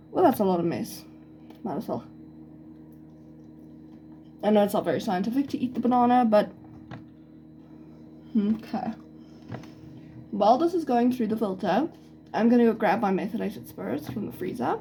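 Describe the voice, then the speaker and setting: A woman's voice: a little high, lively intonation, normal speed, pauses often, dark tone, slight background noise, rough recording. Chatty young South African woman. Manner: chatty, giggly, thinks aloud. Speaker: student doing a science experiment. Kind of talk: casual narration of a home experiment. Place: home kitchen. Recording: kitchen clatter of dishes and cutlery audible.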